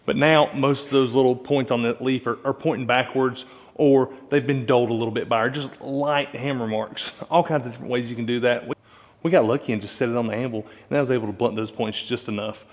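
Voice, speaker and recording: A man giving a relaxed, chatty, encouraging blacksmithing demonstration in his workshop, laughing easily as he explains. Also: medium pitch, fairly quick. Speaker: blacksmith instructor. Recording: long reverb with loud air conditioning and vehicle noise.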